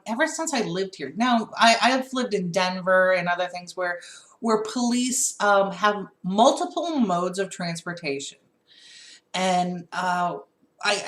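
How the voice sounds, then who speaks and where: Chatty woman in an echoey room. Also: mid-range voice. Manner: animated, laughing, storytelling. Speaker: podcast co-host. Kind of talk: casual political chat.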